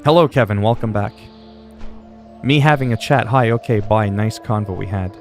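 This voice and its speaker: A man's voice: on the low side, moderate pace, a little mellow, soft background music. A man hosting a casual gaming livestream, rambling through funny stories and swearing freely. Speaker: livestream host. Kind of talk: casual gaming stream chat.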